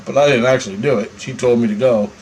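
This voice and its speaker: A man telling a personal story in a casual monologue, animated and profane, chuckling between lines. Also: mid-range voice, quick pace, a little hiss or hum, low-quality recording. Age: adult.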